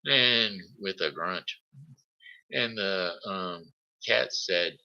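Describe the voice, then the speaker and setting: A man reading a children's story aloud on his live show, halting, with slips and restarts. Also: low voice, creaky, sharp tone, lo-fi sound. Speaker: host.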